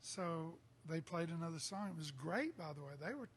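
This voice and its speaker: A man, telling a lively bar story in a casual chat and acting out the people he quotes. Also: on the high side, moderate pace, slight background noise. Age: 60s. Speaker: songwriter guest.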